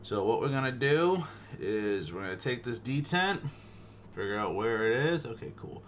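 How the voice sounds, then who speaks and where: A man's voice: mid-range voice, lively intonation, normal speed, slight background noise. A young man with a Boston accent hosting a casual gun-maintenance how-to, chatty and jokey, calling his viewers guys and bro. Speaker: gun channel host.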